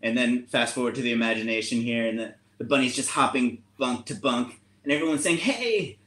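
A man reading a children's book aloud over a video call, playfully shifting his pitch for the animal voices. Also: steady tone, fairly quick, a bit bright, echoey room. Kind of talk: storytime reading with chat.

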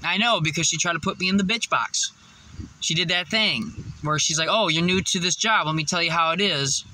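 A man's voice: on the high side, fairly quick, sharp tone, a little hiss or hum, rough recording. A man telling a rambling, profane story in a casual vlog, out of breath and laughing often. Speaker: vlogger.

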